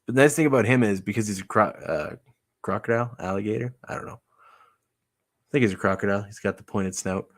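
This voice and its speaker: A man's voice: fairly low pitch, a little fast. A man making a puppet, rambling and musing aloud in casual vlog chat. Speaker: puppet maker.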